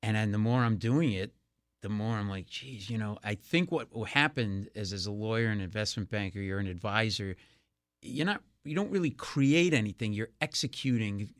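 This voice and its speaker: A middle-aged man from New England, a comedian guest telling lively anecdotes and acting out voices. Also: on the low side, normal speed, no room sound, studio quality. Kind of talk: animated storytelling.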